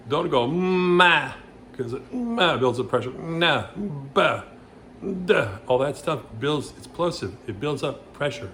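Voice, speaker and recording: A man teaching vocal exercises in a loose, rambling way, with many restarts and loud sung vowel demonstrations. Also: mid-range voice, slight background noise. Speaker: vocal coach. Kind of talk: casual vocal lesson with demonstrations.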